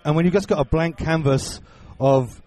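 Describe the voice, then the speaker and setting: A man guesting on a podcast, explaining his work in a matter-of-fact, conversational way. His voice sits slightly high for a man. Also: moderate pace, a little mellow. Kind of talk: casual chat.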